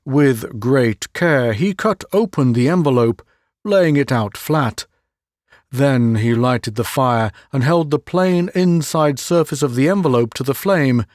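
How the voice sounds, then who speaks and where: A man narrating a classic detective story as an audiobook reader, measured and unhurried. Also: medium pitch, no room sound, studio quality. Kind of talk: scripted narration.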